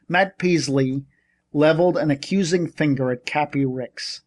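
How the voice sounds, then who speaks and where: A man reading an audiobook in measured, scripted narration. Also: on the high side.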